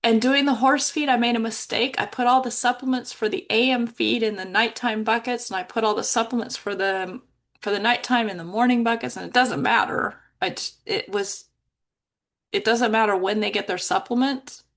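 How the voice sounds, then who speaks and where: A woman's voice: on the high side, fairly even intonation, moderate pace, fairly bright tone. A woman hosting her own podcast, telling a personal story in an emotional, reflective way, close to tears at times. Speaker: podcast host.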